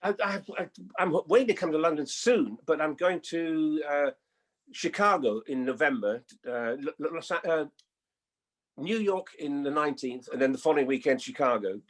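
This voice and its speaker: An older man, a guest actor, telling anecdotes in an animated way and acting out the voices in them. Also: on the high side, moderate pace. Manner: animated storyteller, acts out voices in his anecdotes. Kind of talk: anecdotal chat.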